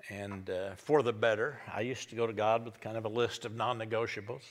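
A middle-aged man preaches as a pastor in church, with a big-room sound around his lowish, steady voice and a brisk pace. He tells the sermon in a folksy, storytelling way, acting out each character.

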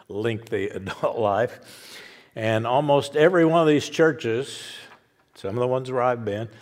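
A man's voice: on the low side, darkish tone. An older man preaching a sermon, folksy and repetitive with frequent restarts. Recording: reverberant church hall.

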